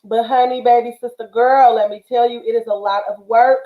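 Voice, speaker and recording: A chatty woman from the Bay Area hosts a craft livestream, greeting viewers warmly and peppering her talk with ums. Her voice sits high, and the sound is roomy and a little dull. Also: steady tone, brisk. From Northern California, Bay Area. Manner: chatty, affectionate, many fillers. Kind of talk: casual livestream chat.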